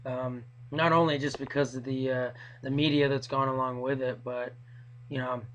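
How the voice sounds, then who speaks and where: A hoarse man talking casually in a rambling, hesitant way as a hockey fan vlogger. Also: medium pitch, flat delivery, moderate pace, a bit bright, rough recording. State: hoarse from yelling. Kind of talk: casual video blog.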